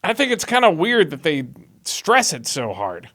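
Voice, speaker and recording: A man's voice: on the high side, huge pitch swings, normal speed, bright, forceful tone. Wry guy quipping through scripture. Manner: sarcastic, quips between verses. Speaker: YouTuber reading the Bible aloud. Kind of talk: casual reading with commentary.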